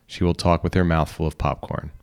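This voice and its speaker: A man reading a short story aloud in calm, instructional second person. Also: extremely low pitch, fairly quick, smooth. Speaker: reader. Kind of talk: scripted narration.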